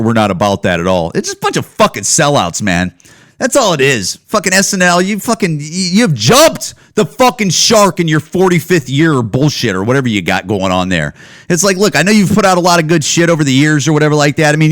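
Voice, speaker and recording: A man hosting a solo podcast from home, riffing in a loose, profanity-laced rant that runs on and doubles back. His voice sits on the higher side for a man. The recording is dry, with no room sound around him. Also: fairly bright tone, no room sound. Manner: profane, ranting, loose run-on delivery. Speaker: podcast host. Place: at home, indoors.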